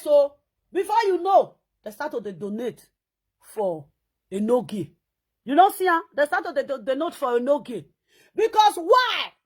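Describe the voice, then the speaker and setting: A Nigerian woman giving casual live-video commentary to her followers, animated and lecturing, repeating her points for emphasis. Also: high-pitched. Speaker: social media commentator.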